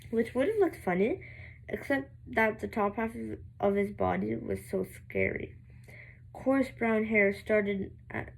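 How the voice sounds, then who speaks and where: A young woman reading a novel aloud, halting and restarting words, with giggling asides. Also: mid-range voice, gravelly, rough recording. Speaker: amateur reader.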